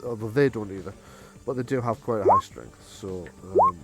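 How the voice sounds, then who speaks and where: A man's voice: on the low side, wildly swooping pitch, moderate pace. Man game master narrating. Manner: hesitant, many ums and restarts.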